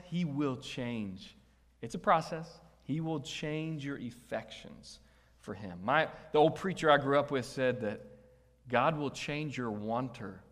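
Pastor preaching in an echoing hall. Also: male voice, mid-range voice. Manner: conversational, asks the congregation questions. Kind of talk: sermon. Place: church hall. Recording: long church hall reverb.

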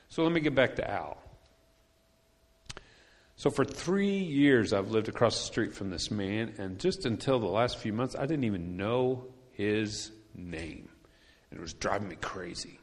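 A man's voice: fairly low pitch, expressive, unhurried. A man preaching a sermon as a pastor, telling a personal story in a chatty way and repeating his key points for emphasis. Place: church sanctuary. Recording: long church hall reverb.

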